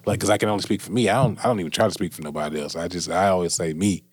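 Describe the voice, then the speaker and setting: A man in casual podcast chat, animated and profane, repeating himself. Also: low voice, rapid-fire, husky, no room sound.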